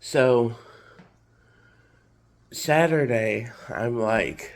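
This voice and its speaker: A man's voice: medium pitch, extremely slow, creaky, dry recording. A man with a congested, stuffy voice, telling a story in a casual, chatty vlog. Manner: chatty, recounts conversations as he tells them. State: congested, sick with a cold. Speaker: vlogger.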